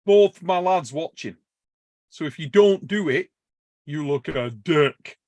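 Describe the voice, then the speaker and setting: A man's voice: fairly high pitch, slow, no room sound, clean studio sound. A man hosting a podcast, telling a story in casual chat, swearing and laughing as he goes. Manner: animated, swears a lot, laughs while telling stories. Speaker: podcast host.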